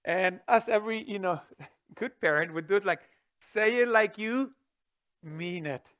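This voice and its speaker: High-voiced middle-aged male pastor preaching. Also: a little slow. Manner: expressive, swinging from booming to hushed, chuckling asides. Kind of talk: sermon.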